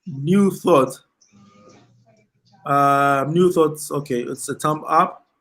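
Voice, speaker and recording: Ghanaian male host, unhurried delivery, slightly raised pitch, relaxed live-stream chat. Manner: slow, relaxed, laughs often, slips into Ghanaian Pidgin. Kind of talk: casual live stream chat, reading comments.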